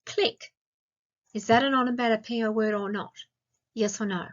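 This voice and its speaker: An Australian woman teaching a grammar lesson to young children, speaking slowly and clearly and asking lots of questions. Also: fairly high pitch, steady tone. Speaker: primary school teacher. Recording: dull lo-fi sound.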